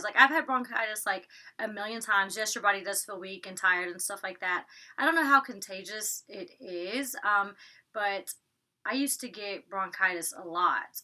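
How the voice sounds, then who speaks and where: A young woman from Georgia with a Southern accent, recapping a reality TV episode in a chatty, fast way full of "like.". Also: mid-range voice, bright, forceful tone.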